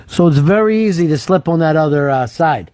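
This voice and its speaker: High-voiced, profane radio host man. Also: a little fast, dry recording. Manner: profane, storytelling, excitable. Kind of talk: casual talk radio chat. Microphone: studio mic.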